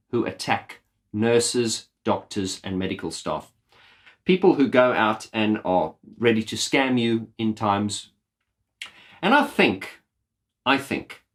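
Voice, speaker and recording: A man hosting his own video channel, talking straight to camera in an earnest, impassioned rant and swearing bluntly. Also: medium pitch. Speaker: YouTube channel host. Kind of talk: direct-to-camera vlog talk.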